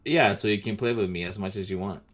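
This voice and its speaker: A man co-hosting a podcast, telling a story in an animated, halting way with many restarts. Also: fairly low pitch. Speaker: podcast co-host. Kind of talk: casual podcast chat.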